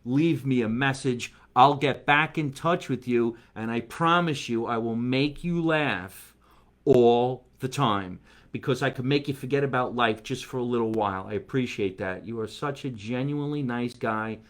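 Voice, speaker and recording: A man's voice: mid-range voice, moderate pace. Chatty comedian man live-streaming. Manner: chatty and rambling, reads viewer comments aloud. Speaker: comedian and show host. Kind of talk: casual live-stream chat with viewers.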